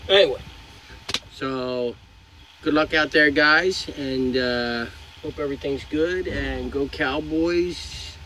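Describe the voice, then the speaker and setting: A man's voice: mid-range voice, fairly even intonation, slow pace, sharp tone, slight background noise, rough recording. A young man who drives trucks, giving frank, rambling advice to viewers, swearing now and then. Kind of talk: casual advice vlog. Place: inside a truck cab.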